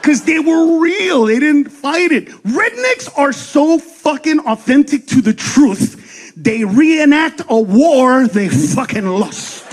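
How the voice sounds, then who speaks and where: A man doing a profane stand-up comedy set, ranting fast, shouting punchlines and acting out voices. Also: extremely high pitch, very animated.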